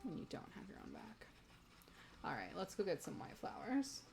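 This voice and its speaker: A woman's voice: lowish voice, huge pitch swings, normal speed, creaky, over music. A young woman streaming a game, chatting casually with viewers, giggly and gushing. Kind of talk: casual gameplay stream chat.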